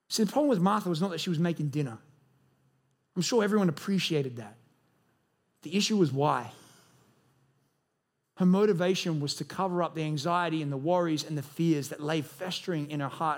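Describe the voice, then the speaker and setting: A young man preaches with a fairly high voice, lively and animated. He keeps slipping into quick acted-out voices to bring his stories to life. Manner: animated, acts out voices in quotes. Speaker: pastor. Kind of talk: sermon.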